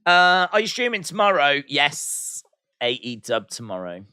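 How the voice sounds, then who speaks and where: Bright-voiced man hosting a live chat. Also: on the high side, big pitch swings, a little slow, smooth, no echo, clean studio sound. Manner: chatty, reads out and answers viewer comments; playful teasing humor. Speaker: livestream host. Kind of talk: live watch-along chat.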